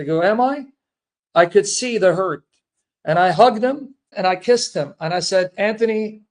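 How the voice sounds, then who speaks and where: A man hosting a livestream, making an earnest, emotional personal statement to his listeners, repeating himself and calling them brethren. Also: high voice. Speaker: Christian apologist livestream host.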